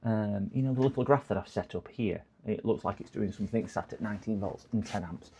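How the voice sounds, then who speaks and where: A man's voice: lowish voice, moderate pace, mellow, a little hiss or hum. A man chatting casually on a live stream while repairing electronics. He rambles, chuckles often and talks to his chat.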